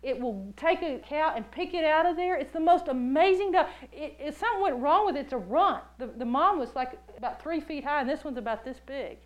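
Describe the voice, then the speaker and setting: A woman preaching a sermon, telling a personal story in an animated way and acting out the voices she quotes. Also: high voice, fairly quick, hardly any pauses, highs cut off.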